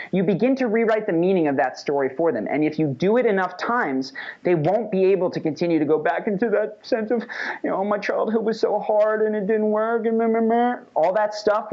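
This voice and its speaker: A man teaching a casual lesson in an animated, conversational way, often checking in with "right?". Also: on the high side. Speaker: instructor. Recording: dull lo-fi recording.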